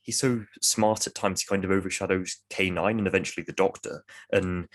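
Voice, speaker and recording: A man chatting casually on a podcast, giving measured, hedging opinions. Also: low voice, steady tone, no echo. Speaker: podcast co-host. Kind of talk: casual review chat.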